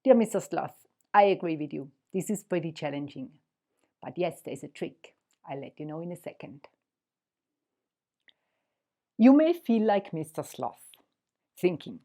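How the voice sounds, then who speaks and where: Gentle woman teaching a language lesson. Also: fairly low pitch, very animated, moderate pace. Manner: gentle, patient, encouraging.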